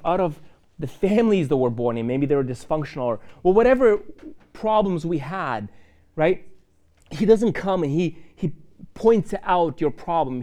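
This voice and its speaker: Lively, animated preaching man. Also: fairly high pitch. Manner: lively conversational preaching with fillers and asides. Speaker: pastor. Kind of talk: sermon. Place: church.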